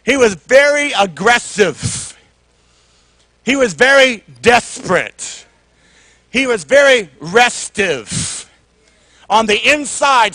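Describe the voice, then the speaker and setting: High-voiced fiery male preacher. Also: no room sound. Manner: fiery call-and-response preaching, swings from soft to shouting. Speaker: pastor. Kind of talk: sermon. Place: church.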